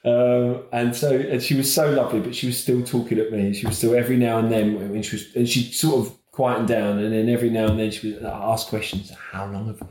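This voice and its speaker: A man's voice: medium pitch, flat delivery, fairly quick, few pauses, a little mellow. A man telling a personal story in a rambling, self-mocking way, as a guest in casual conversation. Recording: roomy echo.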